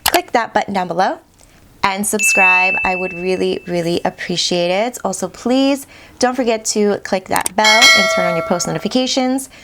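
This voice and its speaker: Mom doing a chatty makeup vlog, kinda gravelly, says you guys a lot. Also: female voice, medium pitch, moderate pace, heavy background noise. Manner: bubbly, keeps saying "you guys". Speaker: beauty vlogger. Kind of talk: chatty get-ready-with-me makeup talk.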